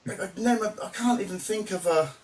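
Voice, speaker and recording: A man's voice: high-pitched, a little fast, a little mellow, recorded from a distance. A man hosting a podcast in casual chat, laid-back and swearing freely. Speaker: podcast host.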